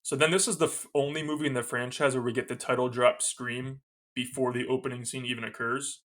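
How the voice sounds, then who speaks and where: Man, 30s, podcast co-host: eager, gushing, laughs a lot, bright voice. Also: medium pitch, brisk. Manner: excited, gushing, laughs often. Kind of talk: casual film discussion.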